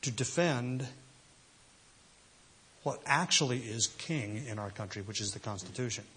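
A man's voice: mid-range voice, unhurried, fairly bright tone, husky. A man preaching a sermon, emphatic and full of rhetorical questions. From United States. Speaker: pastor.

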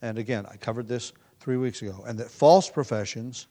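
A man's voice: mid-range voice, a little fast, few pauses, dark tone. A man with a nagging cough, preaching an earnest expository sermon, often restarting phrases with fillers. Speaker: pastor.

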